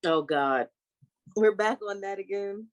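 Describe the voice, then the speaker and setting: A woman's voice: medium pitch, a little slow, no echo. A woman co-hosting a podcast in casual banter, teasing and laughing often. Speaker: podcast co-host.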